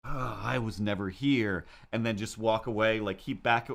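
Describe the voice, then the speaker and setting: A man's voice: on the low side, normal speed, creaky. A man streaming live, telling a story in a casual, rambling and wry way with self-mocking asides. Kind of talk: casual chat while drawing on a livestream.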